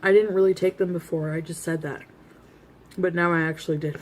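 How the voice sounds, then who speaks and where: A woman's voice: fairly low pitch, fairly even intonation, fairly quick. A woman vlogger in her thirties, bluntly telling a rambling story about herself, laughing at herself while she eats. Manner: eating while talking. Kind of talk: casual storytelling.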